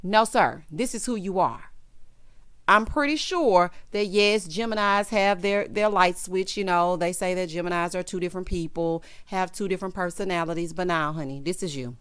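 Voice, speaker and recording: A woman's voice: lowish voice, moderate pace, a bit bright, clean tone, no echo. Sassy woman recapping reality TV. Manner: sassy, opinionated, acts out quotes in character. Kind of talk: casual recap commentary.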